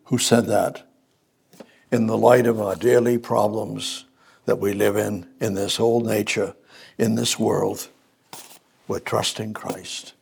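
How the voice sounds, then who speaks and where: A male preacher with a gravelly, husky voice, delivering a sermon. He repeats words for emphasis and climbs from quiet reading into excited, rising bursts. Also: lowish voice.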